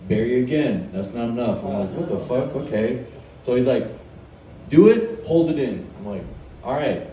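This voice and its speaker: A man's voice: mid-range voice, normal speed, dark tone, slight background noise. Young male comic, rambling and profane, laughs through the bit, mic far off in an echoey room. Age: 20s. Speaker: stand-up comedian. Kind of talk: stand-up storytelling.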